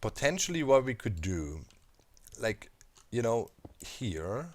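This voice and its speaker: A man's voice: mid-range voice, big pitch swings, slow pace. A man casually commenting while he builds in a video game, thinking aloud with many fillers and asides. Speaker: Minecraft let's player.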